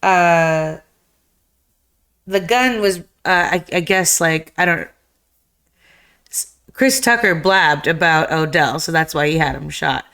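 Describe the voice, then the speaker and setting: A woman's voice: low-pitched, slow pace, pauses often. A woman co-hosting a live stream, casually retelling a film's plot with lots of fillers and acted-out lines. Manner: rambling, animated retelling with acted-out quotes. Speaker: podcast co-host. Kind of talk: casual chat recapping a film.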